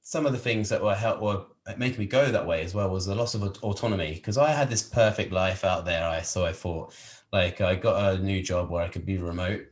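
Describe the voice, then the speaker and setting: A man from England, speaking with an English accent, guests on a podcast and chats casually, rambling with frequent fillers and restarts. His low voice moves briskly, and the recording is reverberant.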